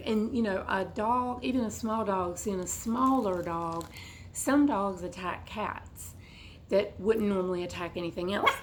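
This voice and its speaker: Woman, hoarse froggy voice, chatty and rambling, casual home unboxing, slight background noise. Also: mid-range voice, poor audio. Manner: rambling, chatty, goes off on tangents. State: hoarse, congested, coughing. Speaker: vlogger unboxing a bag. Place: at home indoors.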